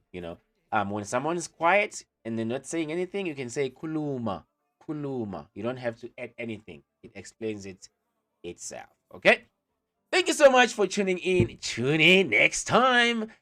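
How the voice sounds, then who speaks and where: A man giving a casual online language lesson, relaxed and chatty, with many pauses and filler words. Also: on the low side. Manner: relaxed, chatty, many ums and you-knows. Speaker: language teacher.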